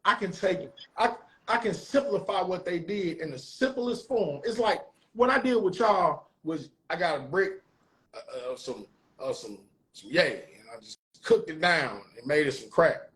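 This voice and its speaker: A man's voice: a little high, expressive, a little slow, a bit bright, low-quality recording. A man with a St. Louis accent hosting a casual debate, talking in long, winding explanations. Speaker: host.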